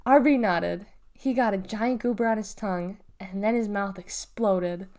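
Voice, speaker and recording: A woman reading a children's novel aloud in a lively, expressive storytelling manner. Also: medium pitch, measured pace. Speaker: reader.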